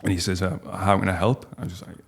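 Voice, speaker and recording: A man, telling a personal story as a podcast guest in a halting, heartfelt way with many restarts. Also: low-pitched, little pitch movement, gravelly, husky. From North East England. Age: 40s.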